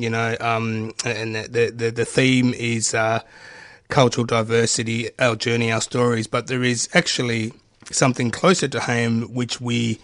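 A man hosts a radio show in a dry studio. He speaks at a medium pitch and in a hesitant way, stumbling over words and filling gaps with ums. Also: fairly bright tone, dry recording. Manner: hesitant, many fillers and restarts. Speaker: radio host. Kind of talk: community radio presenting.

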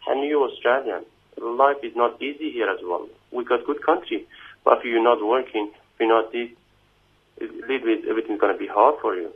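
Man on a tinny phone line, halting English. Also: mid-range voice, slightly rough. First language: not English. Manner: halting non-native English, full of restarts and "you know what I mean". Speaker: immigration detainee giving an interview. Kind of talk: emotional phone interview. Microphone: phone call.

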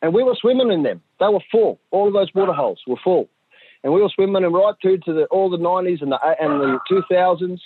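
Telling stories conversationally, this Central Australian community storyteller, a husky middle-aged man, speaks quickly in a high-pitched voice with no echo. He animatedly performs the voices of his sons and other people, captured in dry, tinny, phone-like sound.

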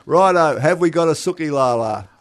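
An Australian man with a slightly higher voice keeps a radio segment moving. He is brisk and dry, nudging the others on. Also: animated, no room sound. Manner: brisk, moves the segment along. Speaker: radio co-host. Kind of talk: live radio banter.

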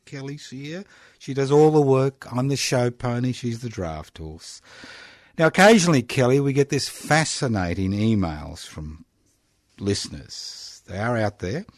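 A man's voice: mid-range voice, dry recording. A man in his sixties with an Australian accent, hosting a casual community radio chat in a studio, teasing and jokey. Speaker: radio host.

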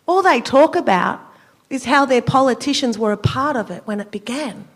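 An Australian woman, a senator, giving an impassioned political speech at a forum, measured and emphatic with a cutting, sarcastic edge. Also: high-pitched, lively intonation. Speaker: senator speaking at a public forum.

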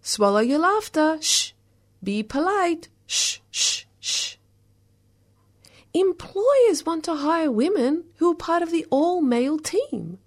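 A condescending man barks orders and hushes again and again, loud and raised in pitch, as a woman puts him on. The lines come as a spoken word poem, with a scolding, repetitive rhythm. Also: sing-song, slow pace, full character voice. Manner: scolding, repeated hushing commands. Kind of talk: spoken word poetry performance.

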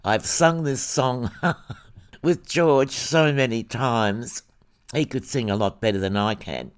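A woman's voice: extremely low pitch, slow, smooth. A woman speaking fondly at a memorial before a song. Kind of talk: spoken memorial tribute.

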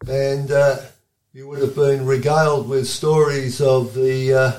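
A man conducts an interview in a room that echoes. He speaks at an average pitch and puts long questions to his guest, stopping to explain background for the audience. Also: level tone, measured pace, a little mellow. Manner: prompting, explains context for listeners. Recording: roomy echo.

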